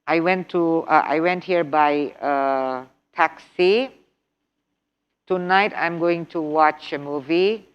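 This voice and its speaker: A woman instructor giving a workshop lecture on English test preparation, animated, repeating key points with rhetorical questions. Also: sits low, slow, smooth, muffled recording. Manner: acts out example phrases with exaggerated intonation.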